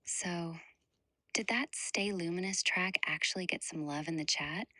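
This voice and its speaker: A synthetic woman's voice acting as an AI co-host, talking in a soft affectionate whisper. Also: on the low side, unhurried, no echo, studio quality. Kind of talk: whispered chat.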